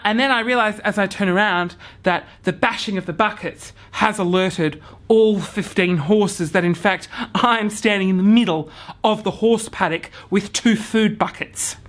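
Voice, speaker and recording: A young man vlogging a comic story to camera, acting out his own panic with hushed whispers, swearing and sudden shouts. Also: sits high, normal speed.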